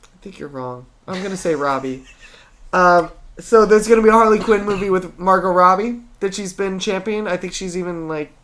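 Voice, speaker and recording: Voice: medium pitch, fairly quick, a bit bright, a little hiss or hum. A podcast co-host chatting casually, swearing freely and rambling from point to point. Frequent ums and restarts fill the gaps. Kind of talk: casual chat.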